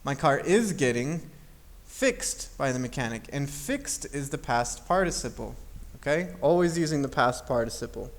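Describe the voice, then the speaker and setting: Patient man teaching grammar, higher voice. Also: fairly bright tone. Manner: patient, repeats key points, checks with "okay?". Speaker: English teacher. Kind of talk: grammar lesson.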